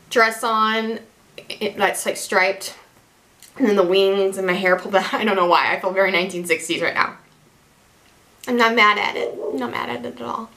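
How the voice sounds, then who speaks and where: A woman's voice: mid-range voice, pushed and bright. A young woman chatting casually through a makeup tutorial as a beauty vlogger, rambling, self-deprecating and restarting her sentences.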